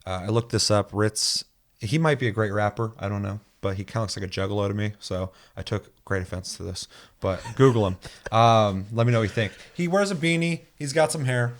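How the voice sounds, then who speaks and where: A man's voice: fairly low pitch, brisk. A young man hosting a gaming podcast in casual chat, reading listener comments aloud and telling stories with plenty of swearing. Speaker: podcast host.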